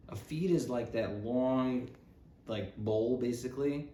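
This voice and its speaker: A podcast host runs a casual comedy talk show, rambling and sarcastic and often cutting himself off mid-thought. His mid-range voice is mellow and slow. The recording sounds roomy, with faint background noise.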